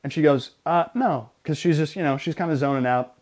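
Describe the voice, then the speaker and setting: A young man co-hosting a casual sports podcast, retelling a gym story in an animated way with lots of restarts. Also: fairly high pitch, fast. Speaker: podcast co-host.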